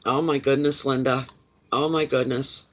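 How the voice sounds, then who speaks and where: A man's voice: mid-range voice, fairly even intonation, normal speed, muffled recording. A middle-aged man and intuitive card reader, chatting emotionally and telling stories on a casual livestream.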